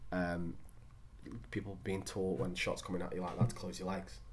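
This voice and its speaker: A man's voice: deep voice, completely flat delivery, moderate pace, a little hiss or hum. A man co-hosting a casual football podcast, chatty, with casual swearing and hesitant fillers. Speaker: podcast co-host.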